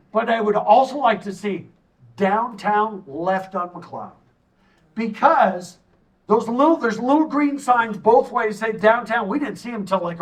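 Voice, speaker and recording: A middle-aged man giving an animated presentation to a town audience from a stage, telling stories with jokey asides. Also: sits high, recorded from a distance, poor audio. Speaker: tourism consultant giving a community assessment. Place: stage in a hall.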